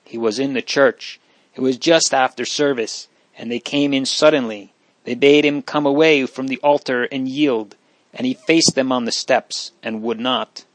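A man's voice: medium pitch, steady tone, moderate pace, no echo, close to an everyday voice, rough recording. A man voicing a haughty but remorseful young countess, speaking earnestly. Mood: distressed. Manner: pleading, earnest.

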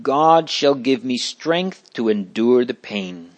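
A man voicing a brave, gray-haired old bishop who answers calmly and steadily in a read-aloud story. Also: medium pitch, takes it slowly, muffled recording. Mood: calm, steadfast. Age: older. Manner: calm, steadfast.

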